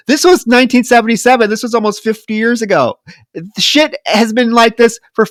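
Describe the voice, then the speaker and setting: A man's voice: very high voice, a little fast, no echo, studio quality. A man co-hosting a horror film podcast, retelling scenes and acting out the characters' lines in casual chat. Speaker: podcast co-host.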